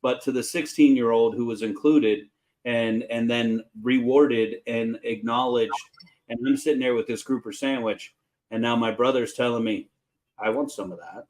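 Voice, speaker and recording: Chef host, middle-aged man, mid-pitched, casual storyteller. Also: normal speed, slight background noise, rough recording. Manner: folksy, animated storyteller with fillers.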